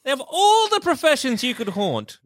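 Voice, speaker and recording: A man with an Australian accent, co-hosting a podcast in casual group banter, mock-serious and animated. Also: very high-pitched, moderate pace, no echo, studio quality. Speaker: podcast co-host.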